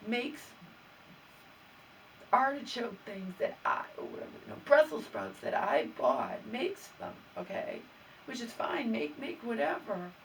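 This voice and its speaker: A woman's voice: a little high, big pitch swings, a little slow, far from the mic, slight background noise, poor audio. A woman vlogger venting her grievances in an aggrieved, exasperated way, stammering and restarting as she talks. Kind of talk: venting personal vlog.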